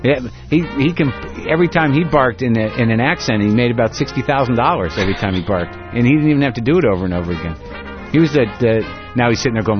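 A man's voice: medium pitch, lively intonation, fast, dull audio, music in the background. A man hosting a radio talk show, rambling in a sarcastic, casual way with lots of restarts.

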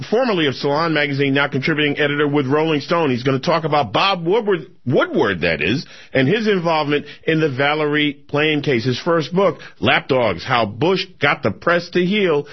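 A man hosting political talk radio, his voice sitting a bit high and coming through a dull, lo-fi broadcast. He talks in a loose, opinionated way, full of "you know" and "uh" and restarts. It sounds like a studio mic heard over the radio. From United States. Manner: conversational, opinionated, with frequent fillers. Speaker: radio talk show co-host.

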